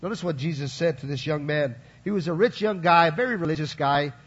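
A pastor preaches conversationally to his congregation, often checking in with asides like "right?" and "you follow?" His voice is a little high, brisk, a bit bright and slightly rough, and the sound is lo-fi.

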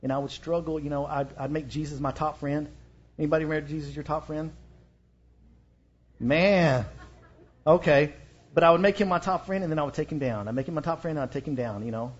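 Husky, higher-pitched Texan man, relaxed slangy preacher, dull lo-fi recording. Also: fairly quick, long pauses. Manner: casual, conversational retelling with slang and fillers. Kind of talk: sermon.

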